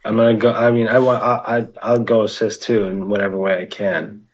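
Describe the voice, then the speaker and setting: A man's voice: on the low side, little pitch movement, fairly quick. Unsure guy at a d&d game, stumbly, muffled line. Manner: hesitant, stumbling. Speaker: player. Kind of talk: tabletop game banter.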